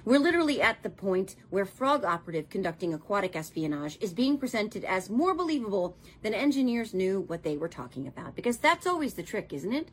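A woman's voice: medium pitch, big pitch swings, fairly quick, few pauses, a little hiss or hum. A woman delivering a scripted commentary rant in a sarcastic, exasperated tone, swearing for emphasis.

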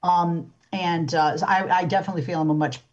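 Low-voiced middle-aged lady hosting an interview show, lots of ums and restarts. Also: steady tone, brisk, highs cut off. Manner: chatty, frequent fillers and restarts. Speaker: radio talk show host.

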